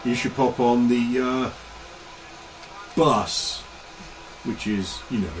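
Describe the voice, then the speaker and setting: A man's voice: medium pitch, slow pace, slight background noise, close to an everyday voice, poor audio. A man voicing a leering Cockney layabout who mutters and rambles on in slang. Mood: rambling.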